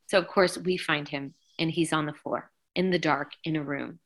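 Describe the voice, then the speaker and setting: A middle-aged woman, a singer being interviewed, recounting events in a lively, emotional way and acting out quoted dialogue. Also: sits low, normal speed. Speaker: guest singer. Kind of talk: conversational interview storytelling.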